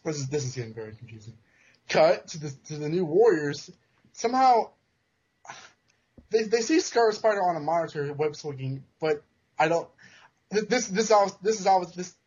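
A man's voice: a little high, lively intonation, normal speed, pauses often, a little mellow, breathy edge. A man casually recapping a comic book on a podcast, joking and restarting his sentences, in a dull lo-fi recording. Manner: joking, self-interrupting storyteller. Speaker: podcast co-host. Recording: dull lo-fi sound.

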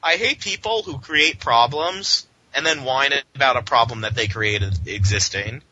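A man's voice: medium pitch, moderate pace, sharp tone, no echo. A man hosting a comic book podcast, reviewing an issue in a sarcastic, exasperated, ranting way. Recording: muffled lo-fi audio.

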